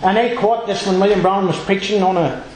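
Man, high voice, earnest rambling church testimony, heavy echo, meeting hall. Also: a little fast, darkish tone, a little hiss or hum. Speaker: church member giving testimony. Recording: very echoey room.

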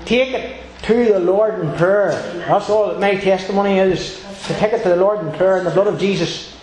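A man's voice: high voice, normal speed, a little mellow. A man giving an earnest, rambling personal testimony at a church meeting, circling back to the same phrases. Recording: very echoey room.

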